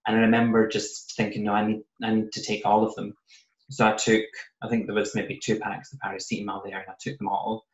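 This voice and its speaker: Soft-spoken British man, low and flat. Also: fairly quick. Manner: soft-spoken, recounting with quoted asides. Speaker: podcaster telling his own story. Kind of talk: personal storytelling in casual chat. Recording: roomy, slightly muffled podcast audio.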